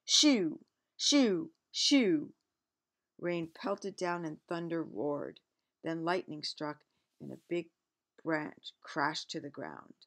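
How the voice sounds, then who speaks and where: A woman reading a picture book aloud, stopping often in a gentle, expressive way to explain the pictures. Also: sits low, takes it slowly, vocal fry.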